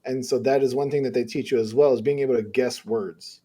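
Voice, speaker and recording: A man's voice: medium pitch, fairly even intonation, brisk, a crowd in the background. A young man on a podcast who explains things eagerly with rambling asides. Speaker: podcast co-host. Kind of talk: casual chat.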